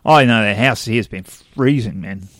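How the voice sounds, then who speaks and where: A man co-hosting a podcast in casual chat, telling stories with animated quoted voices and frequent laughter. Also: lowish voice, normal speed, no echo. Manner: animated storyteller, acts out quotes, laughs often. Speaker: podcast co-host.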